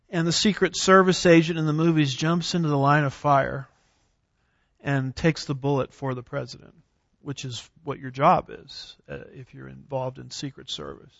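A man teaching a theology class in a lecture style, reading scripture aloud slowly with emphasis and now and then clearing his throat. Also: mid-range voice, fairly bright tone, no room sound, muffled recording. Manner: clears throat, occasional fillers.

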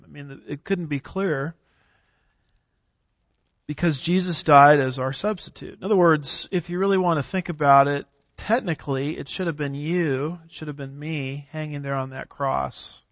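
A man teaching a theology class in a lecture style, reading scripture aloud slowly with emphasis and now and then clearing his throat. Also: a little high, a bit bright, no room sound, muffled recording. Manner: clears throat, occasional fillers.

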